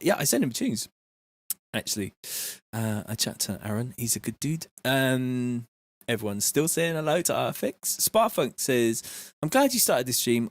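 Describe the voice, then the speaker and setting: A man chatting casually on a live stream, reading out viewer messages in a relaxed, slangy way from his home studio. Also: medium pitch, dry recording. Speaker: music producer streaming live.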